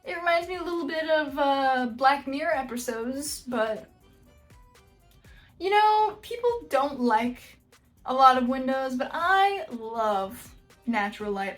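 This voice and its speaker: High-voiced woman joking on a vlog. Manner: jokey, self-deprecating, animated. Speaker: video host. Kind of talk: casual reaction vlog.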